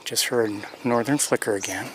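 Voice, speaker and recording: A man narrates a live birding walk in a mid-pitched, everyday voice, thinking aloud and often stopping to restart his sentences. He is outdoors on nature trails, with birdsong and faint outdoor noise behind him. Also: normal speed, a bit bright. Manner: thinking aloud, hesitant restarts, chuckling at geese. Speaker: birding tour host. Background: birdsong and outdoor ambience.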